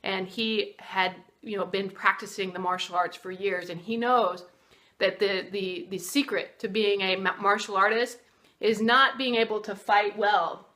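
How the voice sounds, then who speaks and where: A woman's voice: mid-range voice, steady tone, a little slow, bright, forceful tone. A middle-aged woman, a martial arts teacher, telling a motivational story in a casual, conversational way, with fillers and restarts.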